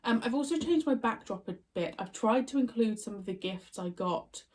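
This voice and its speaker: A woman's voice: fairly high pitch, animated, moderate pace, darkish tone, far from the mic. A woman in her thirties hosting a reaction video, chatty and bubbly, rambling casually. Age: 30s. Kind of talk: casual chat.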